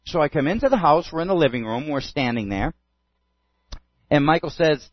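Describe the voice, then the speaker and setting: A man's voice: fairly high pitch, expressive, normal speed, pauses often, dry recording. A man preaching a sermon and telling a story in an earnest way. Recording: dull, dry lo-fi sound.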